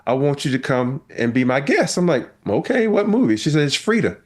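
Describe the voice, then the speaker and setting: A man's voice: on the high side, brisk. A middle-aged man, a podcast host and former basketball player, telling stories in casual chat and acting out the quotes. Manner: animated storyteller, acts out quotes with laughs.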